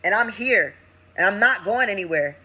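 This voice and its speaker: A young woman and veteran, ranting with indignation in a vlog, swinging between loud outbursts and low mutters. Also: expressive, normal speed, slightly rough, low-quality recording. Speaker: veteran vlogger. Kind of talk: impassioned vlog rant.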